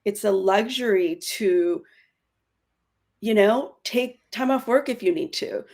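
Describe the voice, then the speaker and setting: A woman in her forties speaking earnestly as a podcast guest, with quick self-correcting bursts in candid conversation. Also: mid-range voice, gravelly, a little mellow. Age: 40s.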